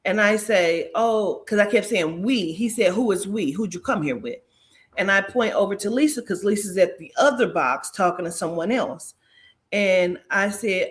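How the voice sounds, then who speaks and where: A woman telling a story in casual chat, animated and profane, acting out the dialogue. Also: medium pitch, measured pace. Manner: animated, profane, acts out dialogue in shifting voices.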